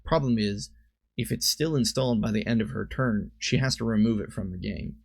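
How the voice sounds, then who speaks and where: A man's voice: on the low side, fairly quick, vocal fry, no room sound. A man giving casual commentary on a card game, thinking aloud and often stopping to correct himself. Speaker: streamer and commentator.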